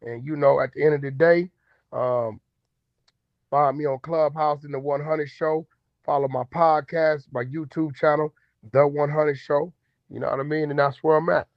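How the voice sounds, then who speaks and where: Loud, aggressive man, higher-pitched. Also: steady tone, moderate pace, dry recording, dull audio. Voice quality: naturally loud. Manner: aggressive, blunt, profane. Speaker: host. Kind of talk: heated casual chat. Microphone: online audio room.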